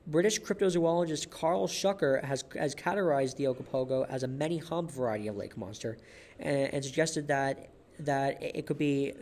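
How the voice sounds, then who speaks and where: A man's voice: mid-range voice, normal speed, a little mellow. A man hosting a solo podcast episode, narrating facts in a casual way. He stumbles often, restarts his sentences and repeats words. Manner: chuckles at his own jokes.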